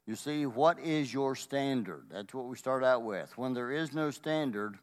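A man's voice: mid-range voice, expressive, a little slow. Male pastor, sermon, emphatic, mid-range voice, rhetorical questions.

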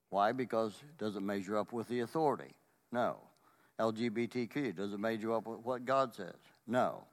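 A man preaching a sermon with emphatic delivery. He often asks rhetorical questions and repeats words. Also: fairly low pitch. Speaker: pastor.

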